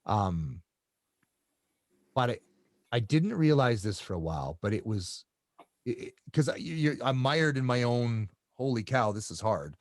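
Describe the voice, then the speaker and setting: A middle-aged man telling stories in a casual interview, halting and often repeating his words as he restarts sentences. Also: mid-range voice, animated, no room sound, studio quality. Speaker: guest.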